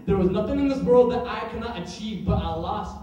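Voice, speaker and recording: A young man performing a spoken word poem dramatically, swinging between hushed lines and loud ones. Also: high-pitched, expressive, fairly quick. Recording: very echoey room, voice far from mic.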